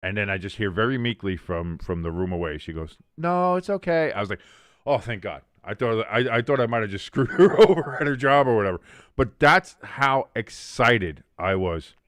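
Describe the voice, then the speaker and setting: A man's voice: on the low side, animated, brisk, fairly bright tone, no echo, studio quality. A man hosting a sports watch-along stream, chatting casually with chat and calling the plays in a rambling way with many restarts.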